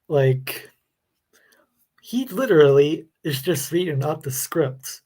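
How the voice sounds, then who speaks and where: A man's voice: on the high side, expressive, slow pace, pauses often, darkish tone. A man hosting a live reaction video, commenting in a sarcastic, exasperated way. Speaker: host.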